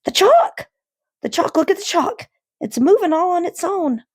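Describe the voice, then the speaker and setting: A shrieking hysterical schoolboy. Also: female voice, very animated, fairly quick, full character voice. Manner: shrill, screaming.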